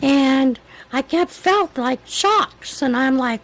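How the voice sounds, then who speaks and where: High-voiced woman with a weak voice. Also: lively intonation, slow pace, rough recording. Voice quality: weak voice that is hard to project. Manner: chatty, rambling storyteller. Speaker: livestream host. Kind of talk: casual chat, telling a story.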